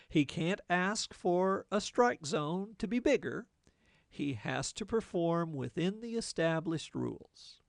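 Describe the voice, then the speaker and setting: A man lectures on poetic form like a teacher, slow and measured, his somewhat high voice gravelly and creaky. He lays things out step by step in plain speech, tossing in the occasional folksy aside, and the sound is close and dry with no room around it.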